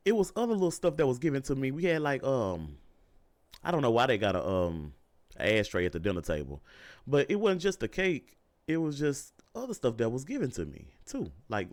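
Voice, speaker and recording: Animated, profane young man telling a story. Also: a little high. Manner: animated, profane, repeats himself for emphasis. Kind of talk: casual storytime monologue.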